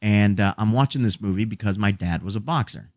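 A man's voice: lowish voice, brisk, no room sound, clean studio sound. A middle-aged man in casual chat, telling stories in an emotional, self-deprecating way.

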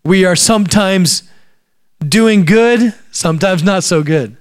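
A man's voice: high-pitched, takes it slowly. A man preaching a sermon, telling stories and acting out the people in them. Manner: acts out quoted voices while telling stories. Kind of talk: sermon storytelling.

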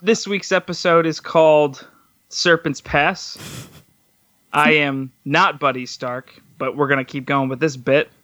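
A man's voice: a little high, steady tone, a little slow, fairly bright tone, no echo, highs cut off. A man hosting a casual podcast with a jokey, punning manner. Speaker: podcast co-host. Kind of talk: casual chat.

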